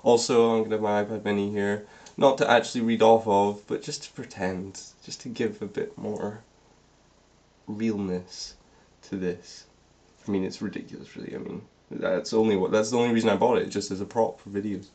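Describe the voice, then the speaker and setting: A man's voice: fairly low pitch, flat delivery, moderate pace, a little mellow. A young man doing a comedic reading of fan fiction aloud, breaking off for sarcastic, laughing asides. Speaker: vlogger. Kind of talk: comedic dramatic reading with commentary.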